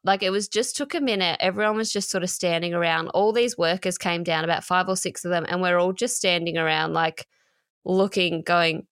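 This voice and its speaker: A woman's voice: lowish voice, brisk, a bit bright, clear, resonant tone, dry recording, clean studio sound. A woman, co-hosting a podcast and telling a personal story frankly and emotionally, with casual swearing. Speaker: podcast co-host. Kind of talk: candid podcast chat.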